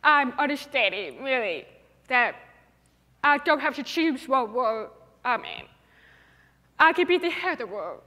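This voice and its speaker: A woman's voice: high-pitched, sing-song, unhurried, long pauses, bright, forceful tone. A young woman with a deaf speaker's accent, giving an earnest, emphatic inspirational talk on stage. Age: young adult. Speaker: TEDx speaker. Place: large hall. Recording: reverberant hall.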